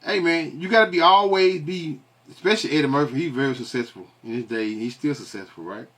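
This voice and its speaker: A man's voice: fairly high pitch, brisk, a bit bright. A man giving casual commentary that turns into scripture teaching, asking rhetorical questions and answering them himself. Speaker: online commentator and preacher.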